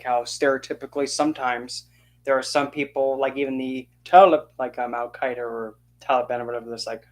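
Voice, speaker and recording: An occult channel host delivering an indignant, sarcastic opinion rant to camera, often mocking others by quoting them in put-on voices. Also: mid-range voice. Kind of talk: ranting opinion monologue.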